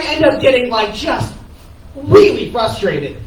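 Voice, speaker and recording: A man who is a stand-up comedian, giving an animated, profane comic eulogy on a cafe stage, laughing as he tells it. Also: extremely high pitch, moderate pace. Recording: echoey room from far off, noisy.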